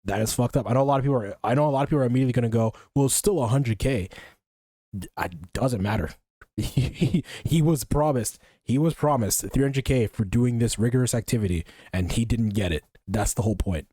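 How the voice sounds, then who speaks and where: A man's voice: mid-range voice, fast talker, warm tone, no echo, studio quality. A man giving casual, blunt reaction commentary on a video, swearing and laughing often.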